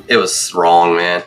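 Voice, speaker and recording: A young man streaming a game, telling rambling, excitable stories in casual chat and checking in with "right?". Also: low-pitched. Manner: excitable, swears.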